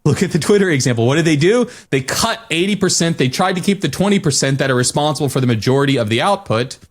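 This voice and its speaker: A man's voice: on the high side, lively intonation, fast. A man co-hosting a podcast in a casual discussion, musing aloud, restarting sentences and posing questions. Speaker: podcast co-host.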